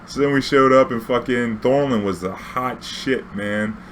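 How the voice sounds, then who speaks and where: A young man tells a story in a loose, easygoing way, full of slang and swearing. His voice sits at an ordinary middle pitch. There is a faint noise behind him. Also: measured pace, fairly bright tone. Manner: profane, laid-back, full of slang and fillers. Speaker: vlog host. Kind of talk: casual storytelling.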